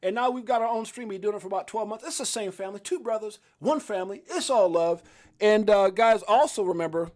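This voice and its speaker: A man hosting a casual crypto live stream, rambling and chatty, laughing often and breaking into sudden loud excited bursts. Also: high-pitched, fast. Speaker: crypto livestream host. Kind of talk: casual live-stream chat and market rundown.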